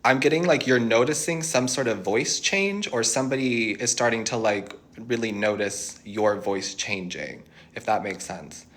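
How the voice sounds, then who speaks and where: A man's voice: mid-range voice, moderate pace, hardly any pauses, fairly bright tone. A young man giving a tarot reading to viewers, reassuring and thinking aloud as he channels messages. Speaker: tarot reader.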